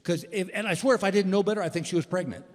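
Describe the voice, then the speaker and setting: Talking very fast in a high voice, a male stand-up comic delivers folksy tales during his set, acting out both parts of the dialogue. The clip was captured live in a large, reverberant theater with an audience present.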